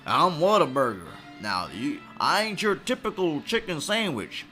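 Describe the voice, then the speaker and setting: A man voicing a boastful, folksy talking fast-food restaurant with a drawl, pitching its chicken sandwich. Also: big pitch swings, sharp tone, soft background music, full character voice. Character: boastful Texan fast-food chain, male, folksy salesman.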